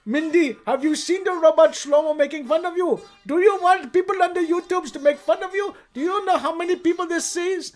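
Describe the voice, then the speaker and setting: A man's voice: extremely high pitch, fairly quick, hardly any pauses, faint music behind, pitched above the performer's own voice. A man putting on an Indian accent to voice a nagging father who scolds his grown daughter over and over. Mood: scolding. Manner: mock-scolding, repetitive, exasperated.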